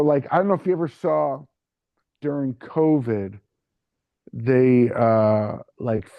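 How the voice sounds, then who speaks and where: A man's voice: mid-range voice, no room sound, dull audio. A man hosting a podcast in casual chat. He rambles and leans on fillers like "you know" and "like.". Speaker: podcast host.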